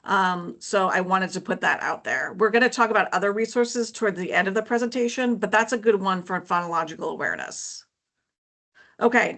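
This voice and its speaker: A woman's voice: mid-range voice, bright, forceful tone. A woman educator giving an informative presentation to parents, explaining in a friendly, teacherly way with frequent "um" and "okay, so".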